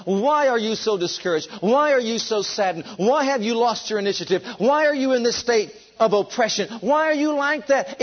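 High-voiced fervent male preacher. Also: muffled recording. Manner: fervent, drawn-out emphatic delivery; leads the congregation in call and response. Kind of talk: sermon.

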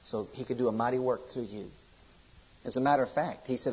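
A male pastor delivering a fervent sermon, swinging between loud exhortation and low, intense passages. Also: fairly quick, breathy edge, highs cut off.

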